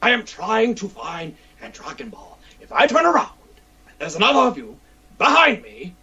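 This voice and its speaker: A man putting on a shouting, arrogant cartoon alien prince. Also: sits high, wildly swooping pitch, normal speed, far from the mic, highs cut off, voice pushed up, heavily acted. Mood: exasperated. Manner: shouting, insulting, exasperated.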